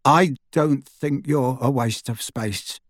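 Big awkward teen boy mumbling slow narrator doing him, dry sound. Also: mid-range voice, no room sound.

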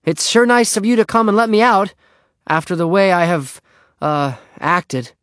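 An impatient schoolboy in a storybook, voiced by a male narrator. He speaks a little higher than the narrator, pleading and bargaining with a lively, rising delivery, in a dry close recording. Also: normal speed, dry recording.

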